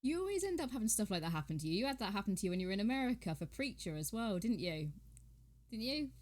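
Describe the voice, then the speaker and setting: A woman interviewing an artist in an easygoing chat. She chimes in quickly and laughs along, prompting her guest with friendly questions. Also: medium pitch, big pitch swings, a little mellow. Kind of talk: casual chat.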